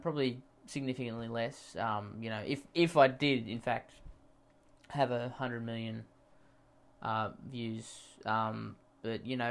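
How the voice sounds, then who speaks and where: A man delivering a rambling, deadpan comedy monologue full of deliberate restarts. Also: medium pitch. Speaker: comedy creator.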